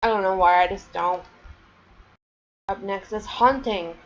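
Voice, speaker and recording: A woman talks through her collection in an unhurried, meandering way, filling gaps with "um" and "like." Her voice sits at a middling pitch, and the recording sounds a little dull and lo-fi. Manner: chatty, rambling, many fillers. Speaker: vlogger. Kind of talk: casual show-and-tell.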